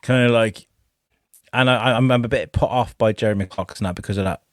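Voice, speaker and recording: A man's voice: medium pitch, fast talker, no echo. Swearing, joking man, dry sound. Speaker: podcast co-host. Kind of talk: casual chat.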